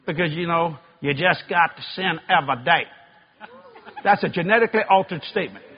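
A man preaching a sermon, telling funny stories with loud, animated bursts of shouting. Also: fairly high pitch, brisk, muffled recording. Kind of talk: sermon with comic storytelling.

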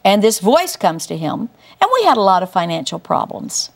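An older woman giving a Christian teaching through a personal testimony, telling it emphatically with big swings up in pitch. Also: very animated, normal speed, vocal fry. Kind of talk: testimony-style Bible teaching.

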